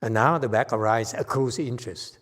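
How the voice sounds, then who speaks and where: A man with a Chinese accent giving a Buddhist Dharma talk, explaining ideas slowly and often checking with his listeners. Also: mid-range voice, steady tone, a bit bright, big-room sound. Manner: slow, conversational teaching with frequent "okay?" checks. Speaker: Buddhist meditation teacher. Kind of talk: Dharma talk with audience questions.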